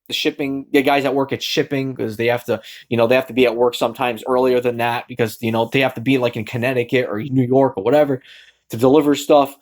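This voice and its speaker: A young man from Massachusetts telling a story in a casual rant, rambling with lots of fillers and restarts, acting out what people said. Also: medium pitch. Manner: animated, acts out quoted lines. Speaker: vlogger.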